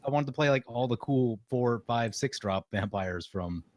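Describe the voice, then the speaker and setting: A wry man jokes his way through a card game with friends, his thoughts often trailing off. His voice is mid-pitched. It is recorded dry and up close. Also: moderate pace, darkish tone, no room sound. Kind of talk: casual chat while playing a card game.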